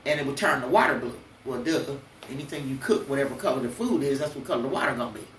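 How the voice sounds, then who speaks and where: A woman's voice: rumbling low, animated, fast talker, echoey room, recorded from a distance, a little hiss or hum. An older woman hosting a podcast, telling blunt, preachy personal stories with cursing. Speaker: podcast host. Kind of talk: emotional personal monologue.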